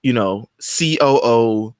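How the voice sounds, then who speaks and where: A man's voice: medium pitch, slow, no echo. Young man in a casual chat, dry close sound. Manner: rambling, joking, restarts often. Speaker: podcast co-host. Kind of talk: casual chat reviewing old wrestling shows.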